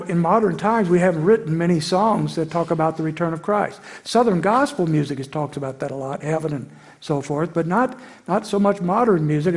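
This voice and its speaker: Gravelly high-voiced male preacher. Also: a little mellow. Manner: earnest, rises to emphatic peaks. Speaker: pastor. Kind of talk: sermon.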